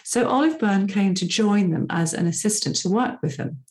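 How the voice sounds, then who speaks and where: A woman's voice: medium pitch, animated, normal speed, darkish tone. A middle-aged woman hosting a solo podcast, talking in a chatty, personal way with asides as a profiling coach. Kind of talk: casual solo podcast talk.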